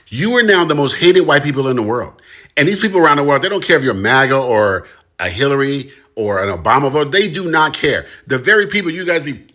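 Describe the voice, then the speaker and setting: A man's voice: on the high side, bright, forceful tone. Emphatic man ranting to camera. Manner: direct, emphatic, repeats phrases for emphasis. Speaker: commentator. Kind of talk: impassioned political monologue.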